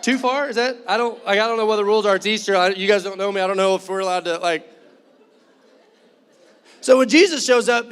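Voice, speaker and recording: A man's voice: high-pitched, a little fast, pauses often, fairly bright tone, smooth. A man preaching in church, conversational and joking, acting out quoted voices. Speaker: pastor. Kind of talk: sermon.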